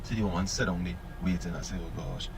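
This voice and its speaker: A young Trinidadian man who runs a funeral home spins a story in a loose, chatty way, voicing the people he met. His voice sits low. Clear background noise runs under the clip. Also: steady tone, racing, poor audio. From Trinidad and Tobago. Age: young adult. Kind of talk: casual storytelling.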